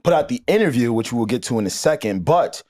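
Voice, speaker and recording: A man's voice: mid-range voice, animated, fast, darkish tone. A man co-hosting a podcast in casual chat, cursing freely and reading captions aloud between bursts of laughter. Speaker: podcast co-host.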